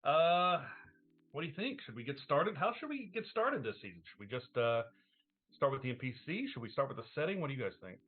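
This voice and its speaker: A man's voice: fairly high pitch, sing-song, brisk, slightly rough. Easygoing man running a game, tinny line. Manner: easygoing, asks the table questions. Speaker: game master. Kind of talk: casual tabletop game planning. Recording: tinny, phone-like stream audio.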